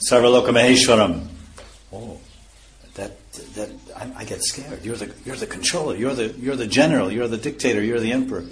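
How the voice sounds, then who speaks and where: A man's voice: mid-range voice, fast talker. A man giving a scripture lecture as a spiritual teacher, explaining terms one by one and chuckling at his own points.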